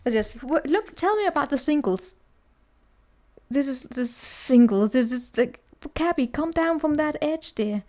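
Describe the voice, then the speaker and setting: Chatty higher-voiced woman reading tarot. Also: lively intonation, moderate pace, darkish tone. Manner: chatty, laughing, teasing, many restarts. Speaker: tarot reader. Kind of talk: casual tarot reading to camera.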